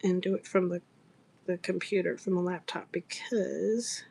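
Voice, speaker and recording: A woman's voice: fairly low pitch, unhurried, creaky, slightly rough. A middle-aged woman hosting a craft livestream, chatting casually and breaking into laughter as she tells a funny story. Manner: animated, laughing often while telling a story. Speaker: livestream seller host. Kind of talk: casual live-stream storytelling.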